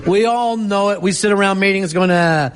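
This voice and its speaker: A man hosting an interview, chatting in a relaxed, wry, agreeable way. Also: high-pitched, moderate pace. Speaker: interview host. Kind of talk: casual interview chat.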